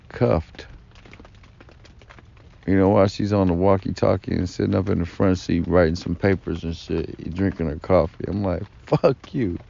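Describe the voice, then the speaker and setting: This man's voice sits low, dark-toned and full of vocal fry. In a dull lo-fi recording, the vlogger delivers a meandering, profane monologue about his own life, loaded with fillers and side remarks.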